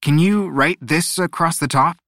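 A man's voice: a little high, measured pace, a bit bright, dry recording, pitched above the performer's own voice. A man voicing a mischievous teenage boy in a storybook reading, cheeky and upbeat. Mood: scheming.

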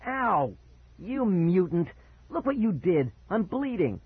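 A man's voice: a little high, very animated, normal speed, slightly rough, no echo. A mocking boy prankster with a lifted, sneering tone, as a man puts him on. He taunts and giggles at his younger brother. The sound is dry and tinny, like a phone line. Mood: outraged. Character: teasing bratty boy, big brother prankster.

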